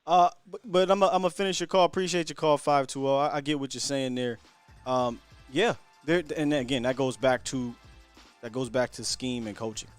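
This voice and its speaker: A man's voice: medium pitch, fairly even intonation, normal speed, clear, resonant tone, soft background music. Fired-up sports radio host, a man. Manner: fired-up, emphatic opinions. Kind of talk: call-in sports talk.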